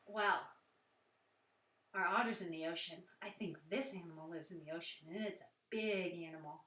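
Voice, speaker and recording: A woman teaching a playful children's yoga session, talking in a sing-song voice that sometimes drops to soft whispers. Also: fairly low pitch, normal speed, a little hiss or hum. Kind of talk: guided kids' yoga with animal play. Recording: echoey room, voice from a distance.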